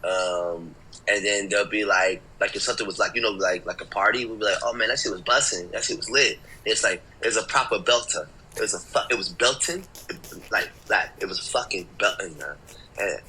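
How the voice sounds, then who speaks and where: A man's voice: on the low side, fairly quick, pushed and bright, slightly rough, low-quality recording. A man from Chicago, a musician guest in a casual interview, talking laid-back with lots of slang, fillers and laughter.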